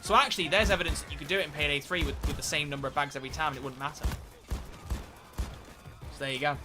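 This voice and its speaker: A man's voice: a little high, fairly even intonation, racing, over music. A man live-streaming a game, chatting in a rambling, self-mocking way as he plays. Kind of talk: live gameplay commentary.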